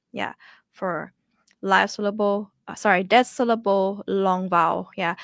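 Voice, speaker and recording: A woman's voice: mid-range voice, gravelly, a bit bright, no room sound, studio quality. Chatty Thai-accented woman teaching tones. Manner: chatty, repeats words for drilling. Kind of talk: online language lesson.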